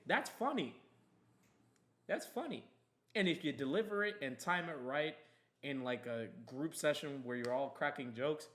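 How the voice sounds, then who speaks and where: Young podcast host, heated and profane, rambling rant, slightly high voice. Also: male voice, fairly bright tone.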